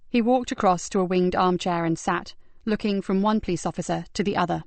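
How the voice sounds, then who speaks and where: A woman's voice: mid-range voice, steady tone, brisk, no echo. A woman narrating a crime novel as an audiobook reader.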